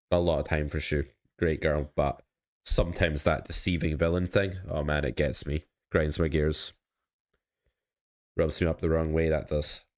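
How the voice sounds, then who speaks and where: Young man, low voice, casual stream host who talks to chat while he plays and coaches. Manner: chatty, self-critical, talks to chat. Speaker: poker coach streaming his play. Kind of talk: casual live-stream commentary.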